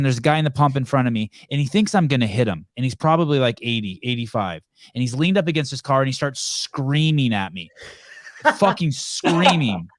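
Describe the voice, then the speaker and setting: Host: lively man who acts out his anecdotes, stammers on restarts, dry close sound. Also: mid-range voice, dry recording. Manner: animated storyteller, acts out dialogue, stammers on restarts. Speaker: podcast host. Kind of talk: casual storytelling.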